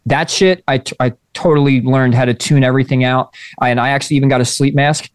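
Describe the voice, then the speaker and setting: A man's voice: medium pitch, steady tone, fast, clear, resonant tone, no echo, clean studio sound. A man co-hosting a podcast, chatting casually in a rambling way with many restarts and casual swearing. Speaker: podcast co-host. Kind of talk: casual chat.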